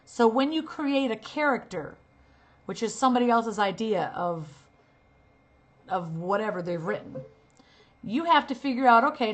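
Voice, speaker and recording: A middle-aged woman teaching a casual acting lesson, acting out sample lines as she explains. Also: medium pitch. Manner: demonstrates lines, shifting from earnest to sarcastic. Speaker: acting coach and talent manager.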